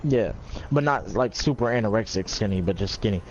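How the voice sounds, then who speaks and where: A man's voice: fairly low pitch, expressive, fairly quick, lo-fi sound, a little hiss or hum. A man telling a long story in casual chat, rambling with many fillers and plenty of swearing.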